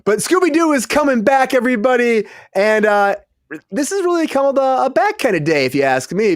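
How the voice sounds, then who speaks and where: A man's voice: very high-pitched, very animated, fairly quick, no room sound, clean studio sound. A man hosting a casual comedy news chat on a video call, upbeat and hyping the others up. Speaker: host.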